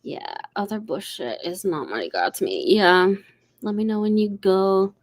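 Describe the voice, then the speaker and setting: A woman's voice: mid-range voice, very animated, unhurried. A woman hosting a livestream, chatting casually and rambling through a story with lots of fillers. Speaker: host. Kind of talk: casual chat.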